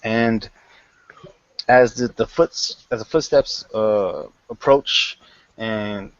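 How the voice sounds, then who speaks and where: A man narrates a tabletop game as game master, halting often and correcting himself. He speaks very slowly in a lowish voice. The recording is dry and dull, with a lo-fi sound. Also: no room sound. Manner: halting, with many fillers and restarts.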